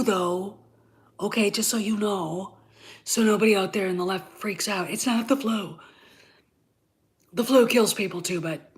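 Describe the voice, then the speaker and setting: A woman hosting her own commentary channel, her voice congested and thick as she gets over covid. She talks slowly and bluntly, her opinions heated and laced with profanity. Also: mid-range voice. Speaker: channel host.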